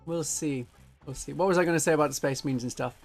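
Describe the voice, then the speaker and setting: A man's voice: a little high, fast, gravelly, faint music behind. A man chatting casually on a livestream, joking and now and then slipping into silly voices. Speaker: streamer.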